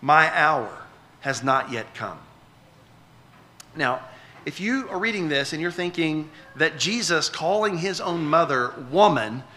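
A man's voice: on the high side, bright, forceful tone. A middle-aged man preaching a sermon in a conversational way, often restarting words and asking the congregation questions. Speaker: pastor.

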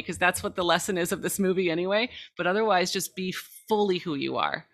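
Bright-toned, lower-pitched woman guest; thoughtful mother sharing parenting stories in casual conversation. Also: measured pace, pauses often. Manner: reflective, animated when retelling stories. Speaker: guest, mother of a young son.

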